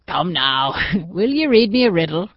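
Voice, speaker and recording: A woman's voice: fairly low pitch, sing-song, moderate pace, no echo. A woman doing a blunt, grumbling peasant. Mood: mocking. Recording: dull, dry audiobook recording.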